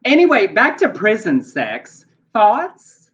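A man's voice: sits high, huge pitch swings, a bit bright, slightly rough. Campy man on a dull, lo-fi line. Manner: campy, playful, quick asides. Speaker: podcast co-host. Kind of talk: casual news chat. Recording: dull lo-fi sound.

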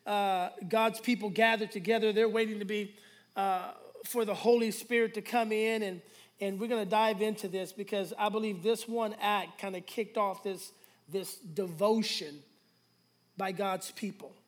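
A man preaching a sermon as pastor, drawing call-and-response from the congregation and swinging between hushed and loud slow phrases. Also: high-pitched, steady tone.

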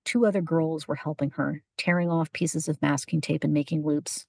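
A woman reads a story aloud in an even, unhurried manner. Her voice sits low with a husky, gravelly texture. The sound is close and dry. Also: dry recording. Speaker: narrator. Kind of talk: audiobook narration.

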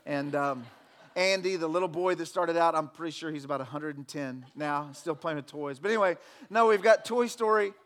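A pastor preaching a sermon, swinging between loud fervent declarations and relaxed, joking talk with the congregation. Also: male voice, fairly high pitch, brisk. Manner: preaching with loud emphatic shouts, then conversational with jokes.

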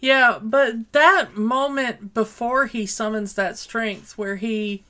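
A woman's voice: a little high, steady tone, slow pace, bright, forceful tone. A woman co-hosting a casual chat, speaking hesitantly with many fillers. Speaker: podcast co-host. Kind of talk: casual film discussion.

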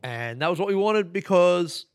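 An Australian comedian in his thirties hosts his podcast, delivering a casual, animated monologue about a sweary, self-mocking story. His voice is high-pitched and smooth at a moderate pace, and the recording is dry.

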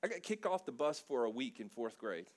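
A man's voice: mid-range voice, fairly quick. A middle-aged man from South Louisiana, preaching a sermon and telling stories with humor and lots of feeling. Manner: animated, emotional storytelling with humor. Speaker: pastor.

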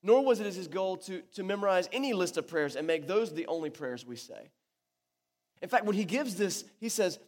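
A male pastor with a high voice delivers his sermon at a moderate pace in a church hall with echo. The talk is casual and animated, with lots of sentences begun again.

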